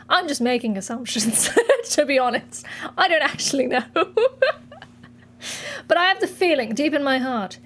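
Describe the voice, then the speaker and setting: A woman's voice: high voice, close to an everyday voice. A woman putting on a fake-British talk-show host. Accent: put-on British. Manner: mock-formal, giggly, halting. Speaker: streamer. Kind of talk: comedic bit on a livestream.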